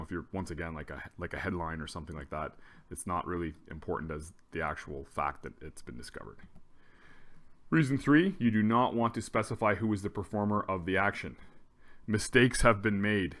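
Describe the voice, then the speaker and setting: A male teacher explaining a grammar lesson in a relaxed way, often restarting his sentences. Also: deep voice, fairly quick.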